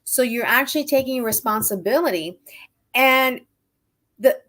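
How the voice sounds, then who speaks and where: A woman, a guest on a talk show, explaining her thoughts calmly in a casual conversation. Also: a little high, unhurried. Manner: reflective, explanatory.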